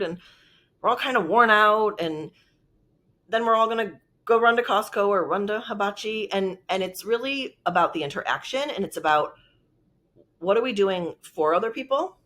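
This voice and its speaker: A woman's voice: mid-range voice, fairly bright tone. Rambling woman telling a story. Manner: rambling, lots of "like", emotional. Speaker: vlogger. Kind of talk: casual storytelling.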